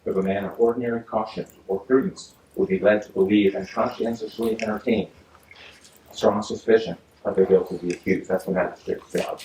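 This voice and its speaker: A male judge reading a ruling from the bench in a measured, formal way, often pausing with "uh". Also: lowish voice, steady tone, a little mellow, distant mic. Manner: measured, formal legal delivery with frequent uhs. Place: courtroom. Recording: echoey courtroom audio from afar, faint hiss.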